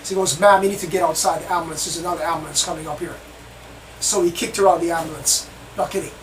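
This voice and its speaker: A man's voice: sits high, fairly bright tone. A man hosting his own channel, telling a story in the first person in a rambling, repetitive way. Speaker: channel host. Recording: distant mic, faint background noise.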